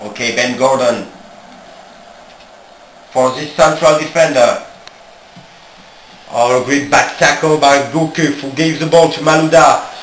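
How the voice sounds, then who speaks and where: A man giving amateur play-by-play commentary on a football match in halting non-native English. He breaks in with frequent exclamations. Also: medium pitch, fairly bright tone, roomy sound, a little hiss or hum, poor audio.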